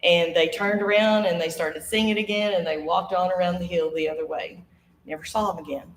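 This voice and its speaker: Her lowish voice moves fairly quickly as this woman in her 50s recounts a ghost story live to an audience. She acts out the characters' voices, laughs frequently, and keeps things lively, all in an echoey studio stage setting.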